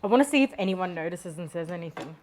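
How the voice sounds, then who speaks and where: A woman's voice: lowish voice, lively intonation, fast, a little mellow, slight background noise. A young Australian woman with an Australian accent, hosting a cooking tutorial in a cheeky, sweary, giggly way. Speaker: cooking vlogger.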